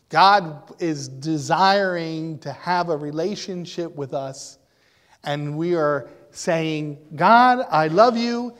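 Male preacher, high voice, emphatic sermon delivery, long hall reverb. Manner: emphatic, rising and falling, asks the congregation questions.

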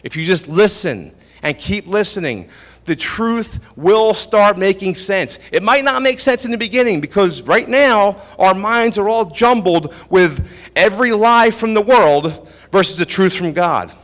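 High, lively male preacher in echoey hall. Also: unhurried. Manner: emphatic, repeats phrases for stress. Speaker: pastor. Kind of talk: sermon. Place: church service. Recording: echoey hall with long reverb.

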